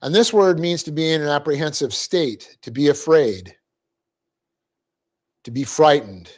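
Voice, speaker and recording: Middle-aged man teaching a Bible class. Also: on the high side. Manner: explanatory, often checking in with "okay?"; light-hearted, quick to laugh at himself. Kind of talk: classroom lecture on Greek grammar. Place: church classroom.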